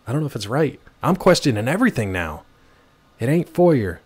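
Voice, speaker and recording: A male livestream host chatting casually from home, playful and animated, jumping between high and low pitch. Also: a little fast, breathy edge. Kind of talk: casual chat while gaming.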